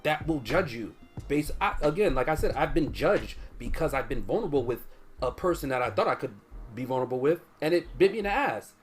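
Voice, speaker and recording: A podcast co-host speaking bluntly and emphatically in casual chat, swearing freely. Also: male voice, fairly high pitch, expressive, a little fast, faint music behind.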